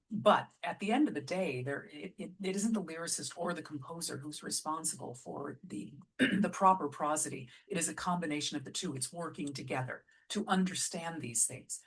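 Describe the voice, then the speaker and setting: A woman who runs a musical theatre company, explaining lyric writing in a casual teaching vlog, patient and often restarting phrases, sounding out example lines slowly. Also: low voice, breathy edge. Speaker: musical theatre artistic director.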